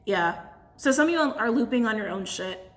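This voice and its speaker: A woman's voice: a little high, animated, moderate pace. A woman doing a casual channeled tarot and crystal reading to her camera, chatty and blunt, laughing often.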